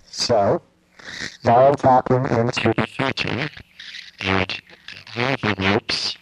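A man talks through a hands-on gear demo in a relaxed, stop-and-start way, full of fillers and restarts. A faint hiss and some clicks sit under his voice. His pitch is in the middle range. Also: low-quality recording. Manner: halting, with many fillers and restarts. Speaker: guest musician demoing a modular synth patch. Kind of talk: casual hands-on demo talk.

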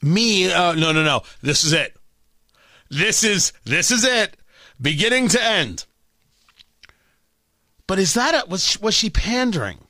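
A man's voice: high-pitched, very animated, a little slow, long pauses, sharp tone, dry recording. A man hosting a talk radio show, delivering an opinionated, sarcastic and combative monologue into a studio microphone.

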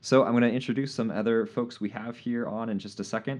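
A man hosting a casual live podcast, easygoing and quick to laugh, with plenty of "uh" fillers. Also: mid-range voice, steady tone, darkish tone. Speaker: podcast host.

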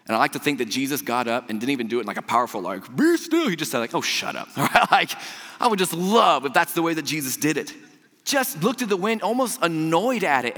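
A young man preaching a casual, storytelling sermon as a youth pastor, chatty and animated, laughing often and stumbling over repeated words. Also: mid-range voice. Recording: long hall reverb.

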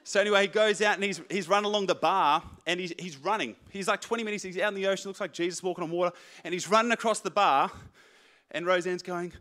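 A young man preaching a sermon, telling a story in an animated, self-mocking way. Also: high voice, fast talker. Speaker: pastor.

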